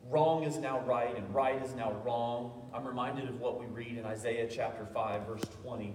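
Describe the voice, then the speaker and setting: Preaching in a church hall at normal speed with few pauses, a man with a mid-range, slightly mellow voice and fairly even intonation tells self-deprecating stories, often stumbling and restarting. His voice sounds far off amid echo and a faint hiss or hum.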